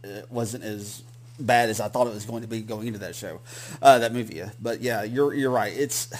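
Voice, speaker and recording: A man's voice: on the low side, normal speed. A man with a Southern accent, co-hosting a podcast in casual, rambling chat with many restarts. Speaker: podcast co-host.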